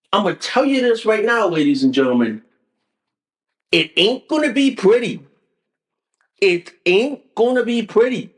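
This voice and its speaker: Man, podcast host, heated rant, repeats himself, slow delivery, swooping pitch. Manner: emphatic, repetitive, heated. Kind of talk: political rant.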